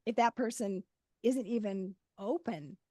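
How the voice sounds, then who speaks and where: A woman's voice: medium pitch, measured pace, mellow, no echo. Affirming woman host, dry sound. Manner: affirming, laughs along. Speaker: podcast host. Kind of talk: casual interview chat.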